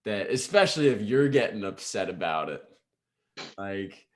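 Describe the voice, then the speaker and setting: A man's voice: fairly low pitch, big pitch swings, fairly quick. A man hosting a podcast in casual conversation, reflecting on and affirming what his guest says. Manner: reflective, affirming, sums up lessons. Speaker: podcast host.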